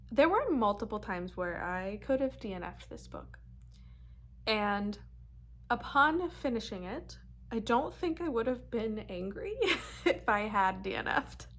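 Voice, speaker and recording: Young woman, slightly high voice, casual book vlog, animated, exasperated, filler-heavy chatter. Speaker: book vlogger.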